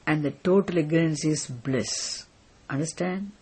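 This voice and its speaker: A teacher giving a philosophy lecture in a deliberate way, often stopping to check that listeners follow. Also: medium pitch, darkish tone, husky. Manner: deliberate, repeatedly checks understanding. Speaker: spiritual teacher.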